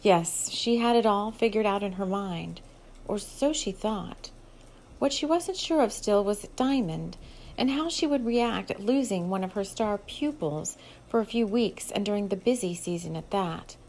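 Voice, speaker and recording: A woman's voice: medium pitch, measured pace, a little mellow, a little hiss or hum, low-quality recording. Woman reading her own novel aloud. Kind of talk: audiobook narration.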